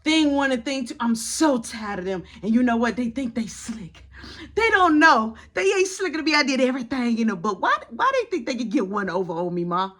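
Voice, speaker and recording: A man's voice: extremely high pitch, sing-song, brisk, bright, forceful tone, full character voice. A man voicing a fed-up, angry middle-aged mother who vents and threatens in an exasperated rant.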